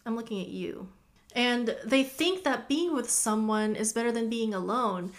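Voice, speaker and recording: Chatty young-sounding woman host, slightly high voice. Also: normal speed. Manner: chatty, frequent "like" fillers, addresses listener as bestie. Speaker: podcast host. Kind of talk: casual commentary to listeners.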